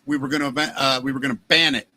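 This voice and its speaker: A man with a Baltimore accent hosting a podcast, telling jokey stories in a lively, animated way. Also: medium pitch, quick pace. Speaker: podcast host. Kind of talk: casual chat.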